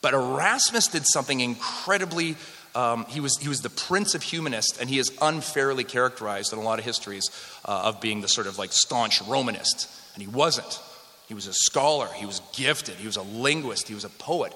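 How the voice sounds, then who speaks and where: Casual lecturer guy cracking jokes at the crowd, pretty forceful tone, reverb-y big hall. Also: mid-range voice, fairly quick. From Western Canada. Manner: conversational, joking with the audience. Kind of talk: live history lecture with slides. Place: hall with a live audience.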